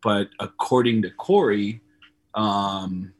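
A man's voice: fairly low pitch, fairly even intonation, slow. A man, a comedian guest on a video call, telling rambling anecdotes and acting out the voices of people he quotes. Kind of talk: casual storytelling.

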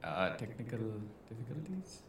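A man's voice: medium pitch, big pitch swings, moderate pace, vocal fry, fairly bright tone. A young man hosting a podcast in casual chat, teasing his co-host and drawing out his questions. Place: room with a glass wall. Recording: roomy with faint noise.

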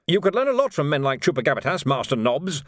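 A man's voice: on the high side, sing-song, fast talker, fairly bright tone, dry recording, clean studio sound, voice pushed up. A man voicing a pompous, easily flustered army major who talks in an indignant officer's manner.

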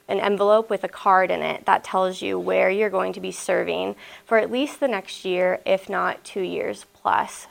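A young woman from Nebraska, a missionary telling a personal story at a school assembly in a lively, chatty way full of "like.". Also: mid-range voice, creaky. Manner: lively, chatty, many "like" fillers. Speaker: missionary speaker. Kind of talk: storytelling talk.

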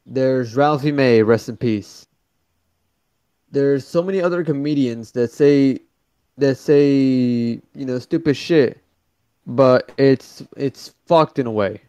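A man's voice: mid-range voice, slow pace, warm tone, clean tone, dry recording. Give me a blunt, swearing young man as a podcast guest, dry sound. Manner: swears a lot, blunt and offhand. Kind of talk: casual chat.

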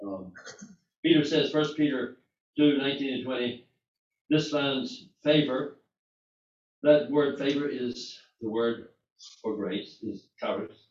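A man's voice: mid-range voice, unhurried, darkish tone. A man teaching an informal sermon, talking conversationally with many restarts and fillers, recorded from a distance in a room. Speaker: Bible teacher. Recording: distant mic in an echoey room, muffled.

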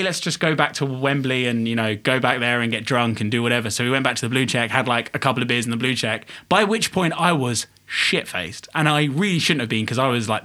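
A man co-hosts a casual podcast and tells long, self-mocking stories full of asides. His voice sits at an average pitch with a bright edge. He talks loosely, with easy fillers and laughs. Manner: rambling anecdotes, self-mocking. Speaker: podcast co-host. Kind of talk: casual chat, storytelling.

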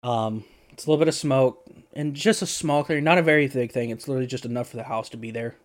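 A man narrates as the game master of a tabletop game, his voice sitting at a middle pitch. He rambles, fills gaps with ums, and corrects himself as he goes. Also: quick pace.

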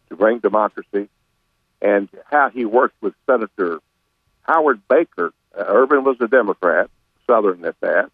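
A man's voice: fairly low pitch, dry recording. An older man telling a rambling story as a radio guest, often repeating words and restarting his sentences. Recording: tinny phone-like line.

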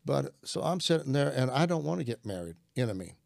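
A man's voice: medium pitch, big pitch swings, fairly quick, gravelly, a little mellow, dry recording, studio quality. An older man, a minister, earnestly telling a personal testimony in conversation and acting out his prayers. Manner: earnest storytelling, acts out prayers.

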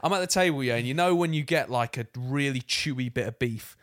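A man's voice: medium pitch, brisk, a bit bright. A young man co-hosting a podcast in casual chat, telling a long story in a rambling way and laughing often. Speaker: podcast co-host.

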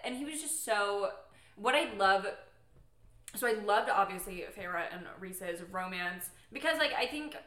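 A woman guest in a casual podcast chat, animated and gushing, swearing and leaning on "like" as a filler. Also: mid-range voice, unhurried, echoey room. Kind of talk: casual chat about books.

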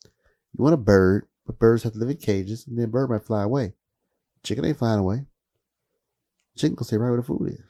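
Man, casual comedic monologue, rambling, profane, mellow dark tone, jumps high when excited. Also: brisk, long pauses.

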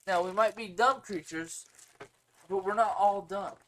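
A man's voice: sits high, a little slow. A man in his thirties with a stuffy nose, co-hosting a casual podcast and ranting with sarcastic, opinionated energy. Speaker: podcast co-host.

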